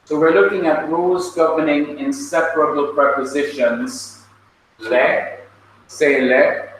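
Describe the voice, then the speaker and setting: Slow-speaking man teaching a class. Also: a little high, fairly even intonation, a bit bright. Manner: slow, patient, calls on students by name. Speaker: Hebrew teacher. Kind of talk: classroom lesson with drills. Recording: echoey classroom from far off, faint noise.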